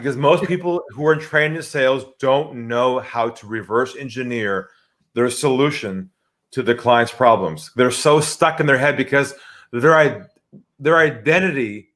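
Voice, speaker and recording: A man speaking as a sales expert guest in a podcast interview, animated and emphatic. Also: mid-range voice, a little slow. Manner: animated, acts out quoted voices, emphatic.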